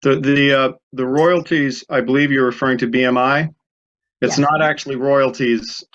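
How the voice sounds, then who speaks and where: A man's voice: mid-range voice, fairly even intonation, normal speed, fairly bright tone. A man on a video call, a board member, correcting details and recounting a discussion in a board meeting. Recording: dull video-call audio.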